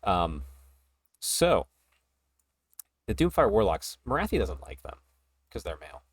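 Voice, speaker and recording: A man hosting a casual hobby podcast, talking in an excited, rambling way and laughing often. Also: lowish voice, unhurried, no room sound, studio quality. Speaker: podcast host.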